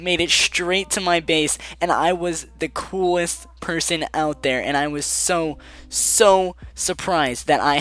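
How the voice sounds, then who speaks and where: Male vlogger, sarcastic and animated, telling a school story with a bright, forward tone. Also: fairly high pitch. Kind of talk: casual storytime vlog.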